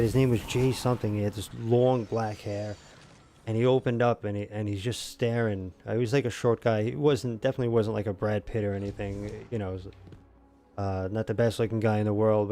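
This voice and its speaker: A man's voice: on the low side, level tone, a little fast, dark tone. A man streaming a video game, chatting casually with viewers, self-mocking and rambling with lots of fillers. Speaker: gaming streamer. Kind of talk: casual live-stream chat while gaming.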